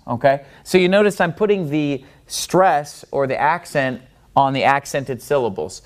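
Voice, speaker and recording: A man teaching a lesson at a board, in a voice that sits in the middle range. He explains step by step, stops often to check with the listener, and slows down to stress each syllable when he shows how a word sounds. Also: medium pitch. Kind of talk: Bible-language lesson at a board.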